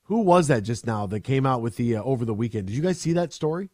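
A man hosts a sports talk show, rambling and animated, slipping into mocking voices to poke fun at players. His voice sits in a middle pitch and the studio sound is close and dry. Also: fast, no echo. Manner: animated, rambling, mocks players with put-on quotes. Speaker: sports radio host.

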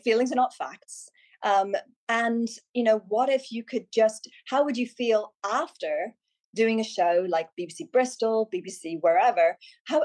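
A middle-aged Irish woman, chatting as a guest and giving media coaching tips. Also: on the high side. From Ireland. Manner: animated, chatty, many restarts and quoted asides. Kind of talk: casual podcast chat.

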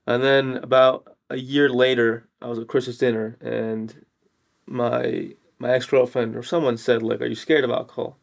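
A man hosting a podcast, sharing his own experience in a casual, halting way, with frequent restarts. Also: medium pitch, little pitch movement, creaky. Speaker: podcast host. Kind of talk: casual conversation.

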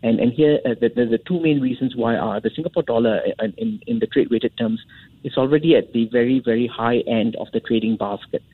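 Husky-voiced man on a phone line. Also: medium pitch, a little fast, no echo. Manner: hesitant, many restarts and fillers. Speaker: economist guest. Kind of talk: radio interview answer.

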